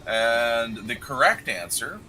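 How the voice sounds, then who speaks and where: A man's voice: mid-range voice, animated, takes it slowly, sharp tone, faint music behind, low-quality recording. A man hosting a casual livestream chat who explains figures methodically and jokes about himself. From Canada. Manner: explains numbers methodically, self-deprecating. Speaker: host.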